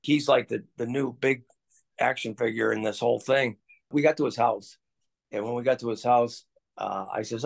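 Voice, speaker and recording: His mid-range voice is steady and creaky, moving at a moderate pace. This sixty-something former motorcycle stunt rider recalls the old days casually, spinning folksy tales and laughing at them himself.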